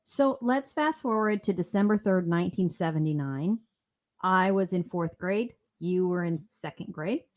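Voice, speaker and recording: A woman's voice: on the low side, lively intonation, normal speed, darkish tone. A woman in her fifties co-hosting a casual true-crime podcast, joking around between the facts. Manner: joking, slips into silly put-on voices. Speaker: podcast co-host.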